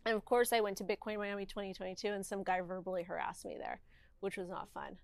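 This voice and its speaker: Woman guest, 30s, mid pitch, dry close sound, candid and emphatic, peppered with "like". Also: fast talker, creaky, no echo. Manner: emphatic, animated, heavy use of "like". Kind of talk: candid conversational interview.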